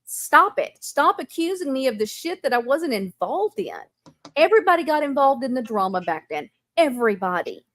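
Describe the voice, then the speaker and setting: A woman's voice: high-pitched, sing-song, normal speed, a bit bright, no echo, studio quality. A woman hosting a casual gossip chat, blunt and fed up, swearing freely. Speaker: host.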